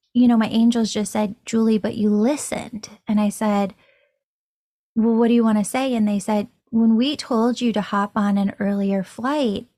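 Animated woman telling a story. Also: on the high side, dry recording, studio quality. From Florida. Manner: animated, excitable, laughs while telling. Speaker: podcast host. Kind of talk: casual storytelling monologue.

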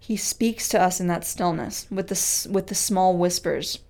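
A woman giving a devotional Bible teaching, earnest and conversational, who repeats key phrases for emphasis and reads scripture slowly and weightily. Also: lowish voice, darkish tone. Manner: reads scripture aloud with slow, weighty delivery. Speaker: speaker teaching a Bible study.

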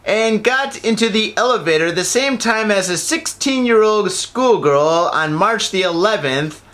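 A man's voice: high-pitched, measured pace. A man co-hosting a podcast, reading news stories and riffing crudely with mock voices. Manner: animated, slips into mock gangster voices. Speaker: podcast co-host.

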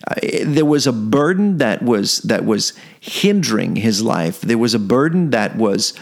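A man's voice: mid-range voice, very animated, a little slow, vocal fry. A man preaching a devotional sermon, earnest, repeating phrases and building toward fervor.

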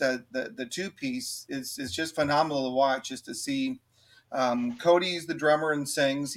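A man's voice: medium pitch, a bit bright. Hesitant, enthusiastic man reviewing an album. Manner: hesitant, many fillers and restarts, enthusiastic. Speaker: podcast co-host. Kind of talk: casual album review chat.

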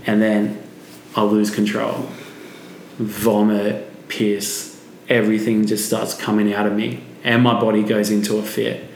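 A man's voice: fairly low pitch, monotone, unhurried, darkish tone, a little hiss or hum. A man being interviewed as a podcast guest, telling a vivid personal story and swearing freely. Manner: vivid, swearing, acts out quotes. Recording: echoey room.

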